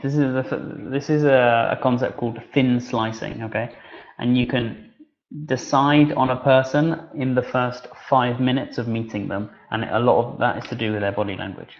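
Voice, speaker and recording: A man leads an online teacher-training session, talking in a loose, conversational way. He fills his pauses and restarts his sentences as he goes. His voice sits at an ordinary middle pitch, and the webinar audio comes through a little dull. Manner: relaxed, conversational, with many fillers and restarts.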